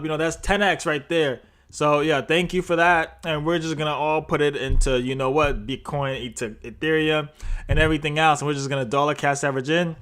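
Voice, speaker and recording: A man's voice: a little high, a bit bright. Chatty man hosting a crypto show. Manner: jokey, rambling, reads articles aloud with asides. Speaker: crypto news host. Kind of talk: casual livestream news commentary.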